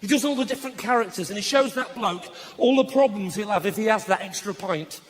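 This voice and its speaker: A man doing stand-up comedy, ranting and slipping into shouted voices for his bits. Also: high-pitched, fairly quick. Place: live comedy venue with audience laughter. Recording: noisy live stage recording.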